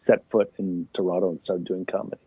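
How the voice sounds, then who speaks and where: A man's voice: deep voice, little pitch movement, quick pace, warm tone, breathy edge, no echo. A young man, a guest comedian, rambling casually through an interview in a laid-back way. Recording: dull lo-fi dry sound.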